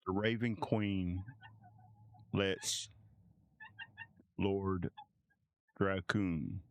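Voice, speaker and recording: A male game master narrates a fantasy scene at a slow, unhurried pace. His voice is somewhat low and smooth, and the recording is dry and close with no room echo. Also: steady tone. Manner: measured, descriptive narration.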